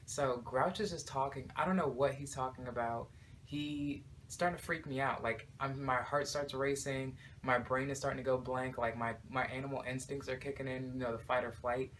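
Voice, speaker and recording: A young man vlogging, telling a personal story in a casual, animated way, full of "like" fillers. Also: mid-range voice, normal speed, a little hiss or hum.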